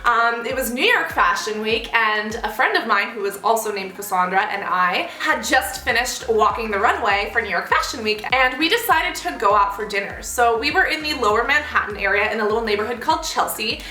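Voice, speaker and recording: A young woman telling a story on her vlog in a lively way, with big jumps in pitch when she acts out quotes. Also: brisk, few pauses, echoey room, poor audio. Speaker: vlogger.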